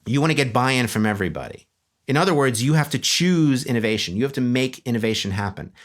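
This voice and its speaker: A man's voice: mid-range voice, fast. Humorous man giving a stage talk. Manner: humorous, animated storytelling. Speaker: speaker. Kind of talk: conference talk. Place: stage before an audience.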